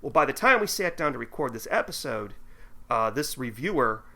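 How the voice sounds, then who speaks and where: A man's voice: mid-range voice, sing-song, a little fast, sharp tone. A man co-hosting a casual podcast chat, reading listener mail aloud with his own asides. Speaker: podcast co-host.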